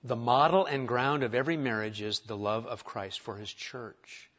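A man's voice: medium pitch, fairly even intonation, moderate pace, a bit bright, highs cut off. A man preaching a sermon in a church, conversational, with rhetorical questions and light humor. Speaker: pastor. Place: church sanctuary.

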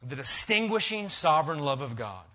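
Emphatic male preacher, bright tone. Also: a little high, big pitch swings, normal speed. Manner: emphatic, rising to loud stresses then dropping quiet. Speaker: pastor. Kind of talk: sermon. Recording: dull lo-fi sound.

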